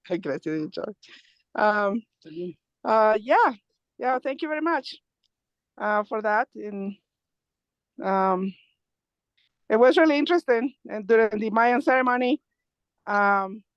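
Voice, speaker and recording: A woman's voice: a little high, animated, smooth, no echo. Breathless woman on a lo-fi video call. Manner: laughs often, halting with many fillers. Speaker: nonprofit co-founder giving a remote update. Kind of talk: casual talk over a video call. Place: outdoors in the mountains. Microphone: phone on a video call. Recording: dull lo-fi video call audio.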